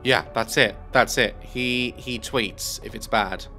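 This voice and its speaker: A man's voice: medium pitch, slow pace, sharp tone, faint music behind. Chatty man narrating a video game. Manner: chatty, amused and bemused, thinking aloud. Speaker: gaming YouTuber. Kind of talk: let's play commentary.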